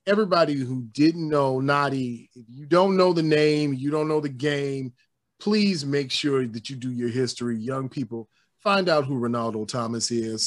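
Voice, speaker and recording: A man co-hosting a casual sports talk show, animated and joking, slipping into voices. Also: medium pitch. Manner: animated, playful, jokes and does voices. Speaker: podcast co-host.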